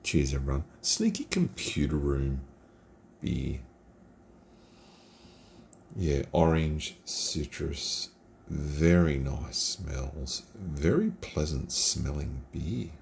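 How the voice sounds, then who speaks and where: A man's voice: rumbling low, expressive, drawn-out words, creaky, long pauses, a little mellow, slight background noise. A middle-aged man from Australia giving a casual, rambling beer review at night in his computer room at home. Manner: rambling, chatty and informal.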